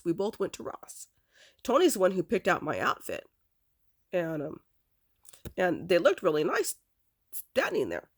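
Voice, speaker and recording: A middle-aged woman, an adopted daughter, casually recounts a personal family memory in loose, rambling speech, repeating "I said" as she relates dialogue. Her voice is creaky and gravelly, on the low side, and a bit bright.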